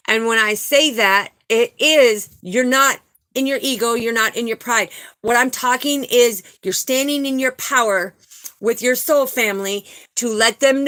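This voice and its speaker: A woman's voice: a little high, fairly bright tone. A middle-aged woman giving a live spiritual card reading, talking emphatically in a preacher-like cadence and often checking in with "okay?" and "right?". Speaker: spiritual tarot reader.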